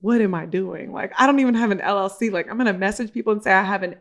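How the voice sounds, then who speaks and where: Animated woman telling a story. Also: medium pitch, rapid-fire. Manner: animated storyteller acting out quoted dialogue; swears casually, laughs while telling. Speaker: podcast guest, entrepreneur. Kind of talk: casual storytelling interview.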